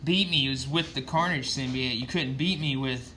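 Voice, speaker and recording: A man's voice: medium pitch, normal speed, sharp tone, slight background noise, close to an everyday voice. A man voicing an arrogant older male villain in a goading way, close to his own voice.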